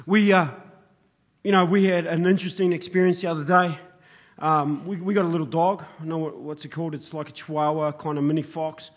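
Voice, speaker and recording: An Australian man, a middle-aged pastor, preaching a sermon in a rambling storytelling way that rises to emphatic, shouted points. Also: on the high side, fairly even intonation, a little fast, long reverb tail.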